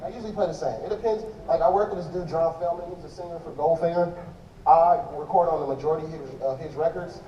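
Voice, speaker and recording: A man's voice: fairly high pitch, fairly even intonation, quick pace, slight background noise. A man giving a loose, slangy talk to an audience from a stage, rambling and restarting his sentences as he answers questions about his drumming. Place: large indoor event hall stage. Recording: dull echoey hall from far off.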